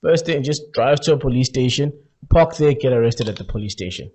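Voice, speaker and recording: A man hosting a podcast, telling a story in casual chat, animated, laughing often and acting out voices. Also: mid-range voice, fairly quick, breathy edge. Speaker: podcast host.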